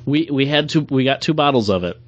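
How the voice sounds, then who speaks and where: A man's voice: medium pitch, expressive, fairly quick, a little hiss or hum. A man co-hosting a podcast, talking hesitantly with many ums. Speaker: podcast co-host. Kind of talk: casual chat. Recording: dry, dull lo-fi sound.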